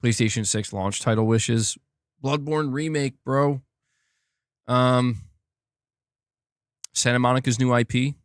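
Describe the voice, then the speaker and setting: A man's voice: mid-range voice, fairly even intonation, slow pace, pauses often, clean tone, no room sound, clean studio sound. A young man streaming about gaming news, chatting casually and reading viewer comments, rambling with lots of "like" and restarting sentences. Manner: rambling, many "like" fillers and restarts.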